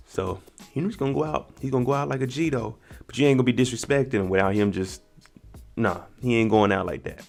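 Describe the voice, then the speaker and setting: A man's voice: mid-range voice, fast, creaky, faint music behind. A man giving a casual, slangy recap of a TV episode and reacting to each scene as he goes. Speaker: TV recap vlogger.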